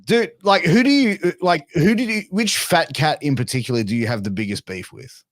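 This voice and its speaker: A man's voice: on the high side, expressive, brisk, no echo, clean studio sound. A man hosting a podcast, laid-back and prodding his guest with questions. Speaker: podcast host. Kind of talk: casual podcast interview.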